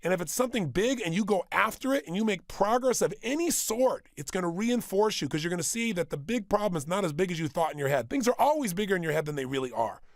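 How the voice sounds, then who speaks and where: Lively and sitting high, a man's voice carries a motivational workshop talk in a studio with a small audience, with no echo. His style is emphatic, full of repeated phrases and rapid-fire rhetorical questions.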